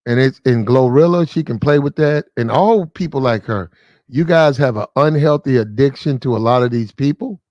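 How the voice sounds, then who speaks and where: A man's voice: mid-range voice, moderate pace, a little mellow, no echo, dull audio. Preachy man in dry commentary. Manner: preachy, repetitive, addresses people directly. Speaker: commentary channel host. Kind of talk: casual opinion commentary.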